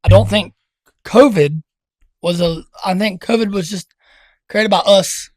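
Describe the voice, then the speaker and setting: A man co-hosting a casual podcast with a slightly raised pitch and a blunt, loose way of talking. He swears freely and keeps cutting in. The sound is dry and close. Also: a little slow, no room sound. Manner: blunt, loose and profane, jumps in over others. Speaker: podcast co-host. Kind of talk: casual chat.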